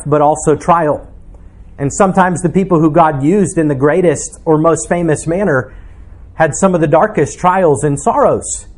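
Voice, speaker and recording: A man's voice: a little high, a little mellow. A man, a pastor, preaching a sermon in an earnest, reflective way, asking his listeners questions.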